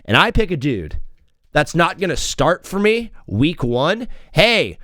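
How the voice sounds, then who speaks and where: Animated young man hosting sports talk. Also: fairly high pitch, no echo, clean studio sound. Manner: animated, joking, quick shifts from loud outbursts to mumbled asides. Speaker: host. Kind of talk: casual sports talk show.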